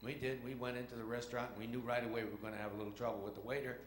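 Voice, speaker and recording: A stand-up comedian from New York races through rambling, chatty stories on a theater stage, acting out voices and engine noises. His mid-range voice has little pitch movement and rings through the echoey room over a faint audience murmur and slight background noise.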